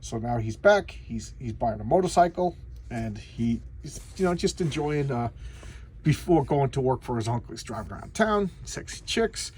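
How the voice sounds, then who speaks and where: A man's voice: mid-range voice, animated, normal speed, a little mellow, slight background noise. A man casually recapping a comic book in a rambling, sarcastic way, with many restarts. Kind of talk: casual video commentary.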